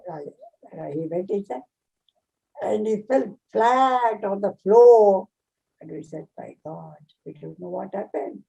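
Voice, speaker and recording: A woman's voice: mid-range voice, measured pace, creaky, warm tone, husky, low-quality recording. An older woman telling a personal memory earnestly, acting out what people said. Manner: earnest, repeats phrases, acts out quoted speech. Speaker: devotee sharing a memory. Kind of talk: personal storytelling.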